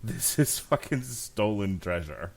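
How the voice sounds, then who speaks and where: A man's voice: lowish voice, lively intonation, a little slow, vocal fry, noisy background. A man hosting a podcast, reviewing an album in casual chat, blunt and crude, laughing often. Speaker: podcast host.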